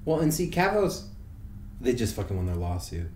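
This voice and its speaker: This podcast host, a young man with a medium-pitched, darkish voice, speaks at a moderate pace with wide swings in pitch. His talk is loose and profane, packed with false starts and fillers, recorded in an echoey space with light hiss.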